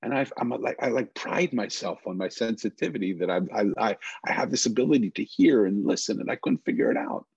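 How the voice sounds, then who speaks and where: A middle-aged man, an interview guest, telling a personal story earnestly with halting restarts, in a dull lo-fi recording. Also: on the low side, lively intonation, vocal fry, darkish tone, husky, dry recording.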